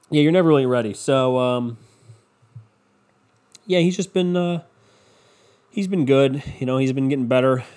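A man's voice: medium pitch, darkish tone. A young man hosting a casual solo podcast, rambling and self-deprecating, with frequent swearing. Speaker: podcast host.

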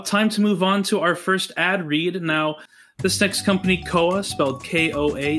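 Upbeat man reading an ad. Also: on the high side. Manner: upbeat, reads ad copy brightly. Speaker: podcast host. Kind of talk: casual podcast chat and ad read.

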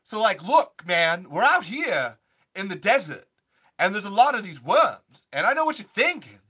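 A man plays an eccentric older actor with a halting, off-kilter cadence. The voice is bright and lively, and it stops and starts in strange places. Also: sits high, breathy edge, exaggerated voice. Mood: musing. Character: offbeat older male actor, odd cadence.

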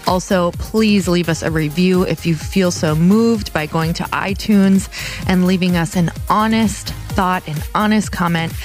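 A woman's voice: lowish voice, a little slow, soft background music. A woman hosting a podcast in casual chat, playful and jokey, often giggling. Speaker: podcast host.

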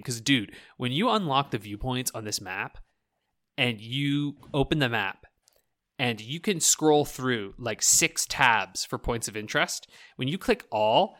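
A man's voice: mid-range voice, lively intonation, unhurried, sharp tone. A man rambling about video games in a casual podcast chat, swearing freely, leaning on "like" and laughing often.

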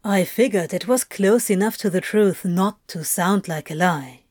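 A woman reading aloud and voicing a sly male demon who speaks low and seductively in slow murmurs. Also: dry recording, clean studio sound, close to an everyday voice. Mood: low, worried. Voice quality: low, hushed.

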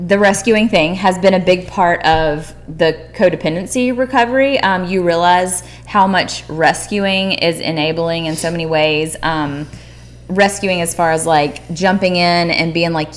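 A woman co-hosting a casual talk, reflective and affirming, often chiming in with agreement. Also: on the low side. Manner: reflective, affirming with frequent mm-hmms. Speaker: podcast co-host. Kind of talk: casual chat.

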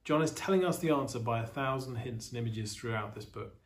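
A man preaching a sermon as pastor of an online church service, earnest and steady, with reflective pauses. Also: mid-range voice.

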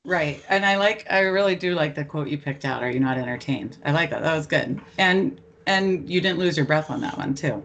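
A woman's voice: low voice, moderate pace, few pauses, a bit bright, slight background noise. A middle-aged woman hosting a casual sports podcast, chatty and self-deprecating. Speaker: podcast host.

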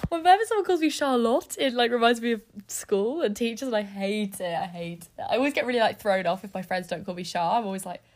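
A woman's voice: a little high, lively intonation, quick pace, few pauses. A young woman co-hosting a podcast, chatty and enthusiastic, often breaking into giggles. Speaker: podcast co-host. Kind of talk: casual chat.

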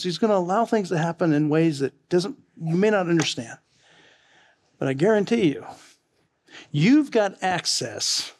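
Middle-aged male pastor, fairly high voice, folksy storyteller in the pulpit. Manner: folksy, chatty, laughs at his own stories. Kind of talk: sermon with storytelling.

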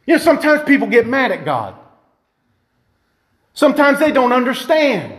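A male preacher delivering a fervent sermon in a very high-pitched voice. He reads the text aloud and stops to explain it, and he rises to shouts of emphasis. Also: wildly swooping pitch, normal speed, pauses often.

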